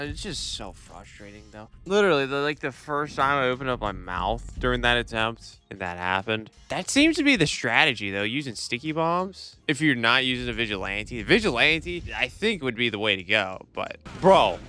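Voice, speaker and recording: A man giving casual commentary over his own gameplay, excitable, quick to complain and prone to loud outbursts. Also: a little high. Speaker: gaming YouTuber.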